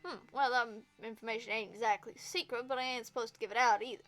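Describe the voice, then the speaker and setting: A woman's voice: on the high side, fairly even intonation, fast talker, fairly bright tone, faint music behind, close to an everyday voice. A woman voicing a cautious small-town female mail clerk who speaks with a hesitant drawl. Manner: drawling, hesitant, bending the rules.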